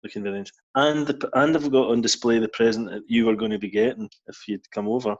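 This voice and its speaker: A man co-hosting a podcast, relaxed and hesitant, with plenty of ums. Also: on the low side, fast, muffled recording. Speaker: podcast co-host. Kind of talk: casual chat.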